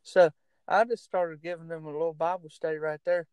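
A man's voice: fairly high pitch, steady tone, a little fast, a little mellow, clean tone, no room sound. A man who is a minister and a barber, earnestly telling stories in a casual chat. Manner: earnest, laughs often. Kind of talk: casual storytelling.

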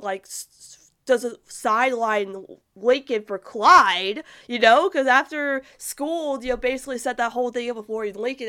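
Young woman host, casual and rambling with fillers, clear smooth tone, pitched a bit high. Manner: rambling, animated, many fillers and restarts. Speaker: podcast host reading viewer comments. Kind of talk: casual fan chat.

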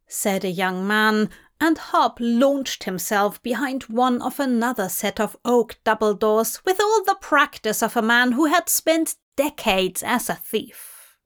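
A woman narrating a fan fiction story aloud in a deliberate reading manner. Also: fairly high pitch. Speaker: fanfiction reader.

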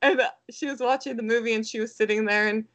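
A woman's voice: fairly high pitch, fairly even intonation, fast, a bit bright, no room sound. Young woman podcast cohost, chatty storyteller, dry close mic. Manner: chatty storytelling with frequent laughs and "like". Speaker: podcast co-host. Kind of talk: casual chat.

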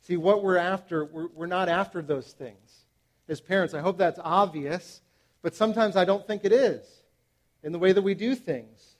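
A man in his thirties preaching to parents, animated and emphatic, with frequent fillers and restarts. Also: sits high, moderate pace. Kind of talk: sermon to parents.

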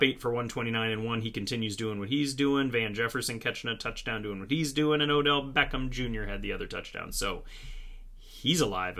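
A man's voice: medium pitch, bright, forceful tone. A man hosting a solo fantasy football recap in a casual way, with wry, sarcastic asides. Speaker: fantasy football podcast host.

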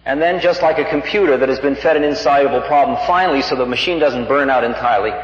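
A man giving a spiritual talk, telling a personal story in an unhurried, reflective way and livening up the quoted lines. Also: medium pitch. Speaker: spiritual teacher. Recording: dull lo-fi recording in a reverberant hall.

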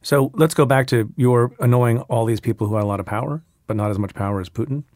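A man's voice: mid-range voice, quick pace, a little mellow, no echo. A man hosting an interview who asks short, probing questions with dry wit. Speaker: podcast host.

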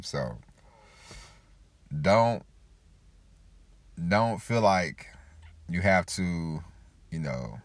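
A man's voice: a bass voice, no room sound. A man hosting a casual motivational talk, rambling and repeating himself, acting out quoted people as he goes. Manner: rambling, repeats 'you know', acts out quoted voices. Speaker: podcast host.

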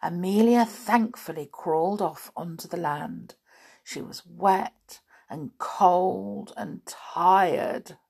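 A woman reading a children's storybook aloud in an expressive, animated way. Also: fairly low pitch, slow pace, creaky, husky.

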